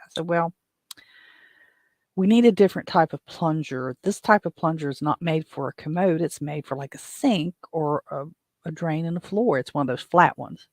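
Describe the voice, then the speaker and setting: Higher-voiced man telling a rambling story. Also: moderate pace, a little mellow, dry recording, studio quality. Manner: rambling, self-interrupting, chuckles while telling. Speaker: podcast host. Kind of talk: casual storytelling.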